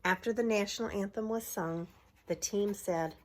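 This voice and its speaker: At a normal speed and medium pitch, a middle-aged preschool director reads a picture book to small children. As she shows each page she points at pictures and asks questions, and her voice becomes bright and exaggerated for cheering moments.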